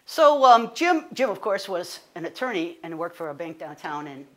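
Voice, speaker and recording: A woman, a guest speaker telling a personal story in an animated, conversational way, full of fillers and self-corrections. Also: on the low side, moderate pace. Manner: animated, rising to indignant.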